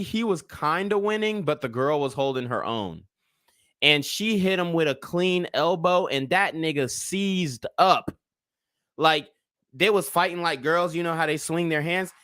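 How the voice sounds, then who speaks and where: A man's voice: fairly high pitch, bright, forceful tone, dry recording, studio quality. A man in his twenties giving casual livestream commentary, a blunt and profane rambling storyteller.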